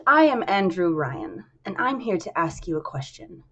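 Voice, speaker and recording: A woman's voice: lowish voice, very animated, moderate pace, husky, exaggerated voice. Andrew Ryan, read by a woman declaiming. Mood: proud. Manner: declamatory speech. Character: grandiose male city founder, orator.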